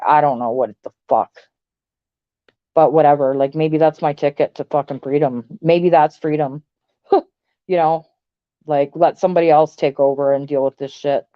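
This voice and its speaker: A woman's voice: low-pitched, clear, resonant tone, dry recording, lo-fi sound. Blunt, profane woman ranting on stream. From Canada. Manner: blunt, profane, rambling with many "like"s. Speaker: livestream host. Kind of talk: casual livestream rant to chat.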